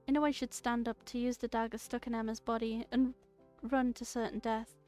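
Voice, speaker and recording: Animated streamer woman reading a spooky story. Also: fairly high pitch, brisk, faint music behind. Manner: animated, joking, bursts into loud outbursts and laughter. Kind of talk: reading a story game aloud with reactions.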